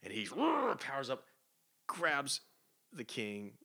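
A man co-hosting a podcast, recapping comic book plots in an animated, casual way. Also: mid-range voice, takes it slowly. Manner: animated recapping, acts out quoted lines. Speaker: podcast co-host.

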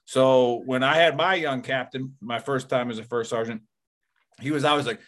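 A man's voice: mid-range voice, steady tone, normal speed, a bit bright. Rambling, profane podcast host, man. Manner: rambling, profane, heavy use of "like" and "you know". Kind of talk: casual chat.

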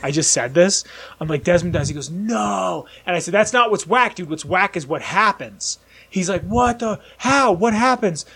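A young man co-hosting a casual chat, telling a long story with excited, rambling energy and acting out the voices in it. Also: high voice, moderate pace, gravelly, slightly rough. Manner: excitable, rambling, acts out voices in his stories. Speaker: podcast co-host.

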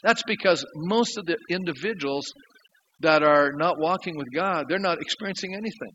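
Man preaching, pastor, earnest storyteller, fairly high voice, slightly dull sound. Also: moderate pace, sharp tone, slight background noise. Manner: earnest storytelling with emphatic rises. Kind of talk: sermon.

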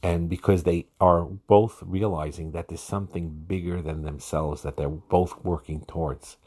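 Very deep husky man giving marriage advice. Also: fairly even intonation, normal speed, mellow. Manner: earnest, repetitive emphasis. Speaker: marriage counselor. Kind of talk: podcast lecture on marriage.

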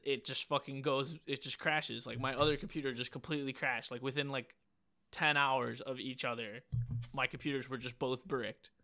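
A man's voice: mid-range voice, fairly even intonation, moderate pace, bright, forceful tone. Rambling, profane young man on a podcast. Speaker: podcast co-host. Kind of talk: casual podcast chat.

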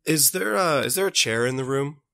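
A man plays a tabletop game, hesitant and pausing often. His voice is bright and forward. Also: on the high side, lively intonation, vocal fry. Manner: hesitant, full of ums. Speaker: player.

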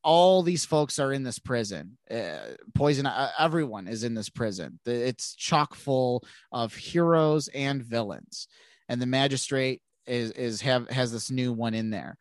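A man's voice: mid-range voice, no echo. A man with a nasal voice, co-hosting a podcast and recapping comic books in a casual, rambling way with many restarts. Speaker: podcast co-host. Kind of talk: casual comic book chat.

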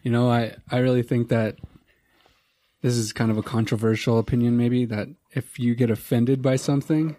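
Mellow man musing aloud. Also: mid-range voice, level tone, moderate pace, no echo. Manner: musing, thoughtful opinions. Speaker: group conversation participant. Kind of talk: casual group conversation.

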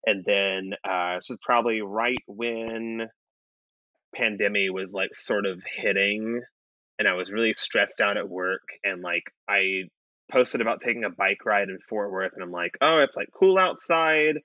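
Animated, profane man telling stories. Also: on the low side, measured pace, dry recording, lo-fi sound. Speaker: podcast guest. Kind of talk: casual storytelling chat.

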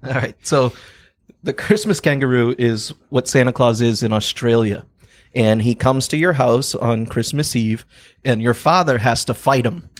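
A man's voice: medium pitch, moderate pace. Man telling a bit on a comedy podcast. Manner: laughs through his own bits. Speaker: podcast co-host. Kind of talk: casual comedy chat.

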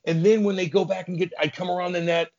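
A man's voice: high voice, quick pace, highs cut off. A man guest telling stories in a casual, profane way, acting out the voices of people in them. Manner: profane, animated, plays out voices in his stories. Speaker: podcast guest, former hockey enforcer. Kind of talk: casual storytelling.

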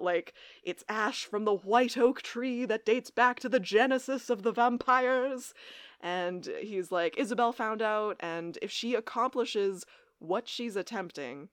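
A woman's voice: medium pitch, no room sound, clean studio sound. A young adult woman co-hosting a podcast, recapping an episode in casual chat and acting out the characters' lines as she goes. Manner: animated, acts out characters' lines while recapping. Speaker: podcast co-host.

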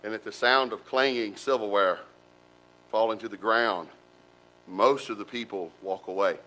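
Male pastor, sermon, folksy and animated, bright forceful voice, church. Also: lowish voice, poor audio. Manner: folksy, animated preaching with colloquial asides.

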